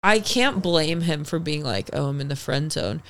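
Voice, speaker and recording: A young adult woman as a podcast guest, telling stories in casual chat, animated, full of "like" and swearing. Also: low-pitched, normal speed. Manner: animated storytelling with lots of "like" and swearing.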